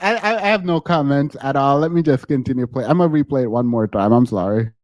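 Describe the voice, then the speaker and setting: A man's voice: medium pitch, quick pace, a little mellow. A male podcast host chatting casually and reading a news story aloud. He giggles often and stammers through restarts.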